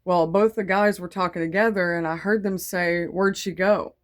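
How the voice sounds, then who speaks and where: A woman's voice: on the low side, steady tone, moderate pace. Rambling, earnest woman sharing testimony. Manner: rambling and digressive, full of "like" and "um"; earnest and faith-filled. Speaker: Christian testimony vlogger. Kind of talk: casual spoken testimony.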